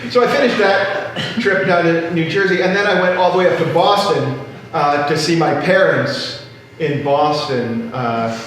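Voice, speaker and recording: A man's voice: a little high, moderate pace, few pauses, crowd noise. Dry, wry middle-aged man on stage. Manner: dry, wry, self-deprecating delivery. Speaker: stand-up comedian. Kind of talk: stand-up storytelling. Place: live comedy stage with audience. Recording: very echoey room, distant mic, faint noise.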